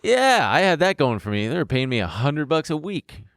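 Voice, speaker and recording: A man's voice: on the high side, sing-song, normal speed, a bit bright, no room sound, studio quality. A man co-hosting a podcast, telling a personal story in a candid way, laughing and swearing as he goes. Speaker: podcast co-host. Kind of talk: casual storytelling chat.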